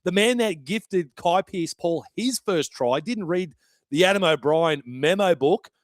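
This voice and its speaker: Brash Aussie podcast host, raised voice. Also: male voice, high voice, animated, a little slow, dry recording. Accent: Australian. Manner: brash and chatty, swears freely. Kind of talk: casual podcast commentary.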